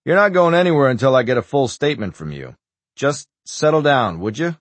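A man's voice: on the low side, lively intonation, fairly quick, no room sound. A man voicing a stern, commanding male federal agent in an audiobook. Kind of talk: audiobook character voice.

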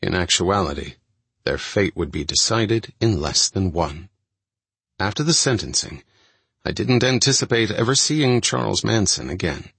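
Casting: male audiobook narrator, low voice, slightly husky, dry studio sound. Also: expressive, moderate pace, fairly bright tone, dry recording. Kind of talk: audiobook narration of a first-person true-crime book.

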